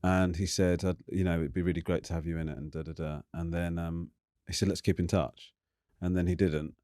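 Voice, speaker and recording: A man's voice: sits low, little pitch movement, fairly quick, warm tone, dry recording, studio quality. A man in his forties hosting a casual chat, self-deprecating, often restarting his sentences and swearing. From England. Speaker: host.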